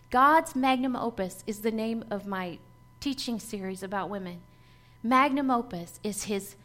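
A woman's voice: on the high side, fairly bright tone. A woman preaching a sermon to a congregation, emphatic and rhythmic, building points through lists and repetition.

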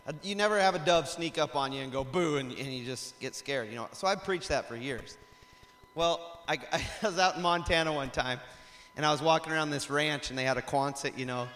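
A man preaching a sermon in a lively storytelling way, rising to loud emphatic passages. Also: a little high. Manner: animated storytelling, acts out shouts and laughs. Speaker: pastor. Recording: long hall reverb.

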